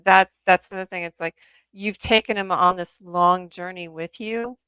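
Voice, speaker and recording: A woman's voice: lowish voice, steady tone, unhurried, a bit bright, smooth, dry recording. A woman author chatting as an interview guest, talking at length and laughing through her stories. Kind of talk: casual interview chat.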